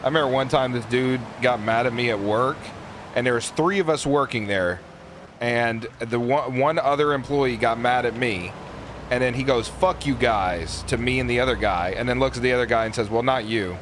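A man's voice: medium pitch, fairly quick, noisy background. A man streaming a game speedrun, chatting casually with viewers in a loose, profane way and thanking people from chat. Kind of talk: casual live-stream chat while playing.

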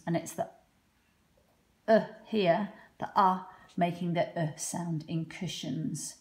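A woman teaching a children's phonics lesson from home, slowly sounding out letters one by one with patient encouragement. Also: fairly low pitch, fairly even intonation, a little mellow. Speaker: primary school teacher.

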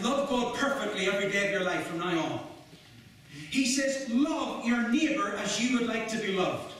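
A man's voice: high-pitched, lively intonation, a bit bright, slight background noise. A man preaching an earnest, fervent sermon in a mission hall. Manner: earnest, rising to fervent, with quotes read slowly. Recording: very echoey hall, mic far off.

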